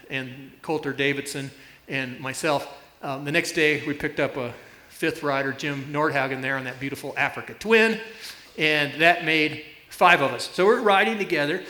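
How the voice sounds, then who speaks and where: A man preaches from the stage in an echoey church hall, with a bright voice that sits a bit high. He tells stories, laughing as he illustrates his points. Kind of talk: sermon.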